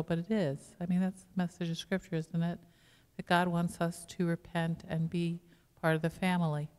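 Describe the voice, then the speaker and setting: Woman pastor, lowish smooth voice, chatty sermon full of rhetorical questions, church hall reverb. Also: darkish tone. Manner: conversational preaching with rhetorical questions to the congregation. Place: church sanctuary.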